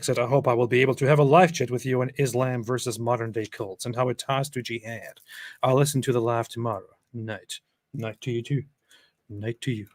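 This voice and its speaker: A man's voice: medium pitch, dry recording. Sarcastic, chuckling male stream host. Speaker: live-stream host reading chat. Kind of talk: casual live-stream commentary.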